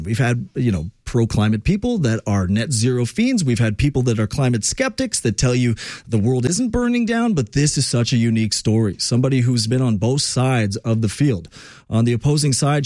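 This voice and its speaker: A man's voice: a little high, a little mellow. A man hosting a talk radio show, giving an emphatic, rambling, opinionated monologue on air. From Quebec, Canada.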